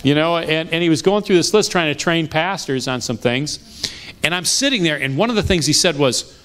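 A middle-aged man pastor telling stories in a sermon, conversational and lively, often restarting his sentences. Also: a little high, normal speed. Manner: animated, conversational, with frequent restarts. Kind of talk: storytelling sermon. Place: church sanctuary.

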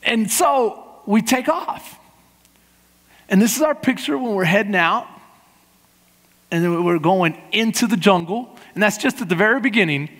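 A man preaching as a pastor, telling a funny travel story in a lively way and acting out the people in it. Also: high voice, measured pace, pauses often. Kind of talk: sermon with a humorous travel story. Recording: long hall reverb in a church.

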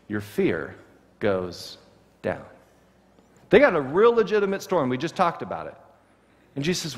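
A man preaching a sermon to his congregation, expressive and acting out the words he quotes. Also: a little high, big-room sound. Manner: expressive, voices Jesus' words with rising emphasis. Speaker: pastor. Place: church sanctuary.

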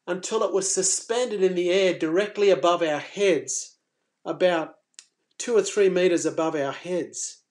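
A man hosting a fishing live stream, telling a story casually and with energy, stumbling and restarting, then trailing off quietly. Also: high-pitched, unhurried. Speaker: fishing coach and channel host.

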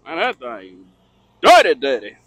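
Brief: high, wildly animated man doing a working-day vlog outside, loud and jokey, clip-on mic, clear street noise behind. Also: measured pace. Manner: loud, joking, shouts and exclaims while working. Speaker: trash can cleaning business owner. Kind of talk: casual on-the-job vlog. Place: outdoors by a house, near a street. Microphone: small clip-on mic with phone camera.

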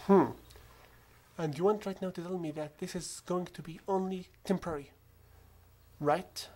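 A gamer with a non-native accent narrating a stealth game in a calm, coaching way, often dropping to a whisper. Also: medium pitch, moderate pace, a little hiss or hum. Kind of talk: gameplay commentary.

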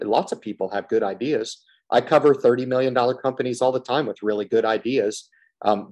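A man's voice: fairly low pitch, a little mellow. A man giving a frustrated solo commentary on a stock, blunt and repetitive, swearing casually and circling back to the same complaints.

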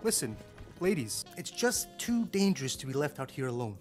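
A man's voice: medium pitch, big pitch swings, normal speed, over music, natural voice. Dave, a man playing a smug gamer hero. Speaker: ad actor.

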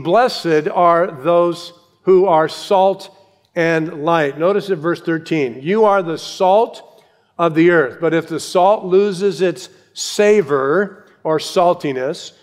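A man's voice: sits high, slow, big-room sound. A man preaching a sermon as pastor, earnest and emphatic, repeating key phrases for weight. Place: church sanctuary with congregation.

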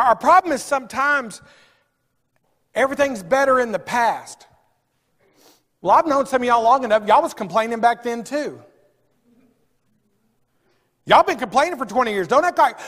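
A middle-aged pastor, preaching a sermon with humorous stories, swinging from loud outbursts to low asides. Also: male voice. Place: church sanctuary. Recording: long hall reverb.

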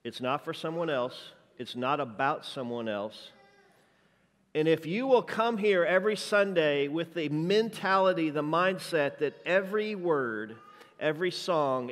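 A man preaching a church sermon as a guest juggler, playful and jokey, working the crowd with energy. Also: a little high. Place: church sanctuary. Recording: reverberant church hall.

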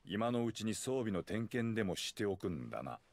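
Courteous innkeeper guy in a game dub, talks quick and formal, low voice, super dry mic. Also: very animated, darkish tone, no echo. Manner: formal, deferential hospitality speech. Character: courteous male innkeeper, polite and helpful. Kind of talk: Japanese game dub acting.

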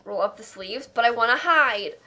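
A woman's voice: on the high side, animated, normal speed, sharp tone. A young adult woman streamer reading donation messages aloud on a live charity stream, thanking people in an effusive, emotional way.

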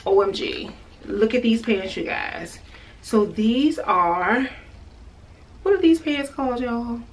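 A vlogger with a slightly high voice and lively intonation takes it slowly as she tries on clothes at home, filming on her phone. She gushes, chats casually and says things more than once, and the mic sits at a distance.

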